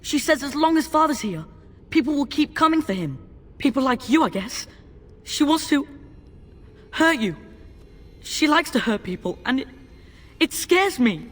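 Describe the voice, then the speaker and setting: A woman's voice: high voice, sing-song, unhurried, long pauses, in a large hall. A woman voicing a frightened young boy in pain in a video game, speaking fearfully. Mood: scared. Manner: fearful, whimpering.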